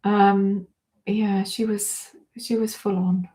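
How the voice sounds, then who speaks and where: A chatty woman in her forties hosts a relaxed livestream, answering comments in a friendly, self-deprecating way. She keeps dissolving into giggles between her words. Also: mid-range voice, takes it slowly. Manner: giggly, keeps breaking into laughter. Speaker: livestream host. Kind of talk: casual livestream chat reading comments.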